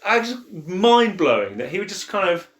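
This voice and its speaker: Man, higher voice, lively swings, talking Bible in an echoey room; animated, acts out quotes. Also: moderate pace, a little hiss or hum. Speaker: co-host of a church Bible podcast. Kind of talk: casual Bible discussion.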